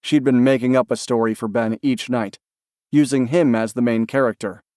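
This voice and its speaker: A man reading a novel aloud as an audiobook narrator, in a calm, even storytelling manner. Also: medium pitch, normal speed, no echo, studio quality. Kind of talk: scripted narration.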